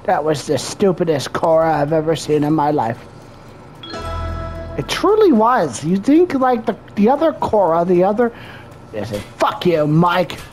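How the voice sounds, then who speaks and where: A man's voice: sits high, wildly swooping pitch, normal speed, darkish tone, faint music behind. A man ranting and swearing constantly while commenting on a video game he is playing. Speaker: gamer. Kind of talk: profane gameplay commentary.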